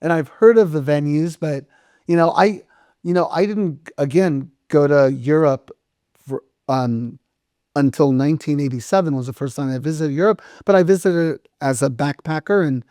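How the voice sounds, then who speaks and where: A middle-aged man with a fairly high voice spins lively anecdotes in a casual sit-down interview. He jumps into the voices of the people he quotes and drops the odd swear word. The recording is close and dry, with little room sound. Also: moderate pace, no echo. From United States. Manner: animated storyteller acting out quoted dialogue, swears casually. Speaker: restaurant owner and guest.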